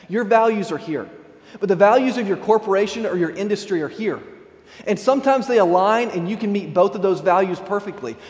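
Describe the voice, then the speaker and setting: A man preaching in a large hall, his fairly high voice ringing with a long, roomy reverb. He leans hard on key words, reads scripture, then turns to speak straight to his listeners. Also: a little mellow. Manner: emphatic preacher reading scripture aloud and addressing the congregation. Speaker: pastor. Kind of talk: sermon.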